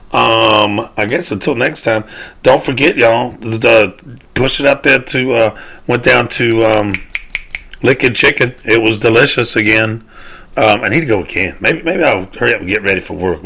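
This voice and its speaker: On his own show, a man from the Southern United States rants loosely, rambling and swearing, often trailing off and starting over. It's a casual solo rant from the podcast host, in a fairly low voice with a fairly bright tone.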